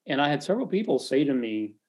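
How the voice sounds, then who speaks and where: Middle-aged man, podcast host, earnest and encouraging, mellow warm tone. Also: mid-range voice, big pitch swings, quick pace. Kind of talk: faith podcast conversation.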